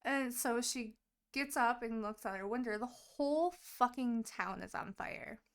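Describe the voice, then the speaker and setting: A woman co-hosting a podcast, retelling a book's plot in casual chat, animated and full of swearing. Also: on the high side, a little slow, smooth. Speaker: podcast co-host.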